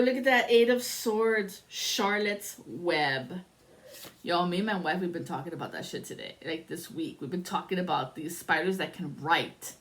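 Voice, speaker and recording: A woman doing a casual tarot reading, telling a story in a rambling, excitable way and swearing often. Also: mid-range voice. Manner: rambling and profane. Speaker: tarot reader.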